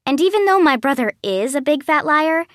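A woman narrating an audiobook in the first person, with a lively, girlish storytelling manner. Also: high-pitched, a little fast, no room sound, clean studio sound. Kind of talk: scripted narration.

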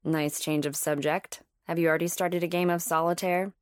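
A woman's voice: on the low side, flat delivery, moderate pace, clean tone, dry recording, lightly acted. A woman voicing a shy, socially awkward young male scientist who speaks in a reserved, dry way.

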